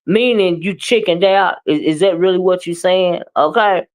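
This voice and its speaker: A woman hosting a casual live-stream gossip show, talking in a sassy, emphatic, drawn-out way. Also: fairly low pitch. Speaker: live-stream commentary host.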